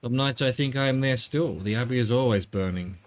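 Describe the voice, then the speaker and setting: A man's voice: medium pitch, brisk, natural voice. A man voicing a grieving, devout old widowed father, reading game dialogue aloud in a subdued storytelling way. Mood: sorrowful. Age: older.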